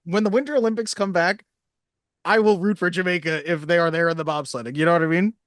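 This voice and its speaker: Chatty man with a fairly high voice. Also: fairly even intonation, quick pace, a bit bright, clean tone, no room sound, clean studio sound. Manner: chatty, laughs easily, rambling asides. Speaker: podcast co-host. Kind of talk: casual movie chat.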